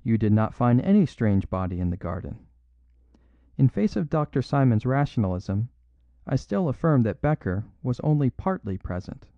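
A man reading an audiobook, voicing a gentle little priest who answers softly and calmly. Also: medium pitch, normal speed, no room sound. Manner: soft, even, mild replies. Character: gentle little male priest detective, calm and quietly odd. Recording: dull lo-fi dry recording.

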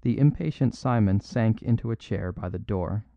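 A man narrating a classic story in a measured, low-key way. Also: vocal fry, warm tone, dry recording. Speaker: audiobook narrator. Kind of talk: scripted narration. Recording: dull lo-fi dry recording.

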